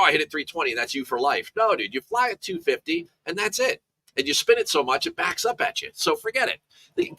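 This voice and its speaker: A man's voice: medium pitch, pushed and bright, slight background noise. A man analyzing golf for betting in a casual chat, telling rambling stories full of restarts and asides.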